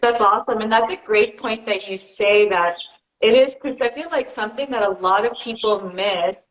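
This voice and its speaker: A woman's voice: on the high side, moderate pace, muffled recording. Chatty woman host in a roomy space. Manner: encouraging, chatty, many "like" fillers. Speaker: podcast host. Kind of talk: casual podcast interview.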